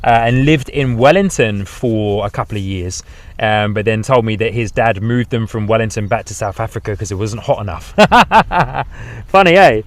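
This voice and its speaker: A man's voice: fairly low pitch, moderate pace, no echo. A man hosting a live plane-spotting stream outdoors at an airport, chatting in a rambling, easygoing way. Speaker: livestream host.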